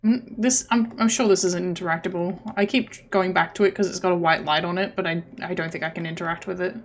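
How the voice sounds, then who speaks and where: A woman's voice: fairly low pitch, steady tone, fast talker, a little hiss or hum. A woman streaming a horror game, muttering to herself, hesitant and swearing freely. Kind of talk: live gaming commentary.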